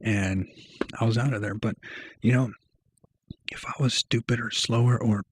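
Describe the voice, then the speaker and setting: A man's voice: mid-range voice, fairly even intonation, normal speed, slight background noise. A young man telling a personal story to camera in a rambling, slangy way, full of fillers. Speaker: vlogger. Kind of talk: casual storytelling.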